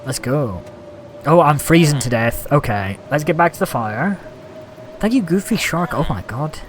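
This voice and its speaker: A man's voice: a little high, moderate pace, a little hiss or hum. A young man chatting casually on a gaming livestream, thanking viewers and reacting to the game. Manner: chatty, reads out gift thanks, animated. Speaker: streamer.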